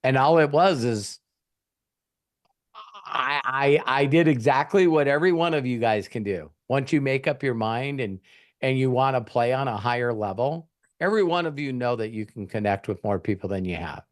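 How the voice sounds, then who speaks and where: A man of middle pitch tells a motivational story as the host, answering a question. He talks in an animated way and acts out the lines of bystanders in quick voices.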